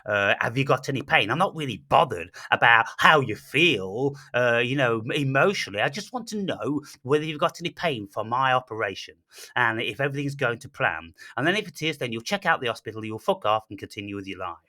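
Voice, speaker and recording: A man rants straight to the listener in a blunt, profane monologue that stumbles through fillers and restarts. His voice is bright and forceful, and it is recorded dry and close. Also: mid-range voice, sing-song, brisk, no echo. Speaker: channel host. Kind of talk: ranting monologue.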